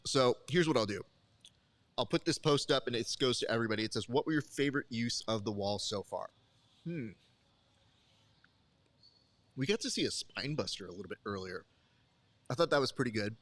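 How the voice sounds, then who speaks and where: A man's voice: mid-range voice, expressive, fairly quick, pauses often, fairly bright tone, dry recording. A man hosting a live stream, chatting casually and jokingly with viewers while eating at his desk. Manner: rambling, joking, talks straight to the chat. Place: desk at a live event broadcast.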